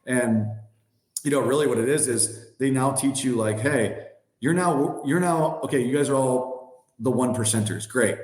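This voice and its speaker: A former hockey player in his thirties, appearing as a podcast guest, tells stories casually and loosely, rambling with plenty of "like" and "you know". His medium-pitched voice is steady and a little mellow at a moderate pace, with roomy echo on the recording.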